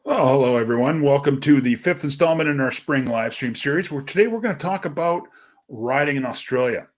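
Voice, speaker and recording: A man's voice: mid-range voice, expressive, fairly quick. A man hosting a livestream over a video call, easygoing and rambling with many fillers. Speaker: livestream host.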